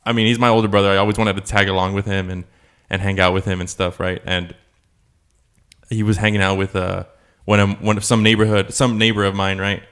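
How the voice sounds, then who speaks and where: Low-voiced man telling a rambling story. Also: little pitch movement, a little fast, a bit bright, clean tone. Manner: rambling storytelling with frequent laughter and filler words. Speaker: podcast co-host. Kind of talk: casual chat.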